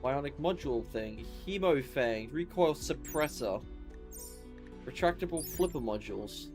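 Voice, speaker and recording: Over music, a man of medium pitch and lively intonation talks unhurriedly as he streams a game. Yawning and sleepy, he rambles in a tired, offhand way and reads out menu items in casual gameplay commentary.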